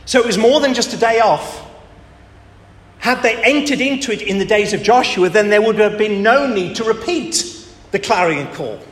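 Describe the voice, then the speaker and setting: A man preaching a sermon with emphatic delivery, rhetorical questions and dramatic pauses, in a church hall. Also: high-pitched, expressive, fairly bright tone. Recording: echoey hall with faint ambience.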